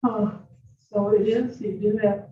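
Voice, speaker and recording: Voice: medium pitch, flat delivery, unhurried, muffled recording. A commissioner in a working meeting who keeps questioning and double-checking figures, recorded from a distance in a roomy room. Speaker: redistricting commissioner.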